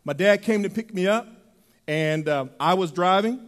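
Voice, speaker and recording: High-voiced preacher in a reverberant hall. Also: male voice, normal speed. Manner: animated, swings from loud to soft and intimate. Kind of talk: sermon.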